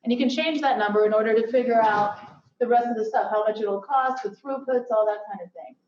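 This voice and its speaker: A woman's voice: a little high, a little fast, a little mellow, slight background noise. A woman giving an upbeat conference presentation with joking asides. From Silicon Valley. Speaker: workshop presenter. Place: lecture hall. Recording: echoey hall from far off, dull.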